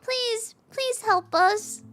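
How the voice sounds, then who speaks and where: A woman's voice: very high voice, extremely slow, fairly bright tone, pitched above the performer's own voice, full character voice. A woman putting on the voice of a theatrical woman who runs a workhouse, pleading in an exaggerated way.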